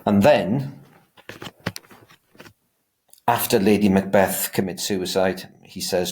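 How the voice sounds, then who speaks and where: A man with a very deep, low voice lectures as a teacher. He speaks with emphasis and often stumbles into restarts, repeating words before pressing his point. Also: takes it slowly, pauses often, darkish tone. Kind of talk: revision lecture.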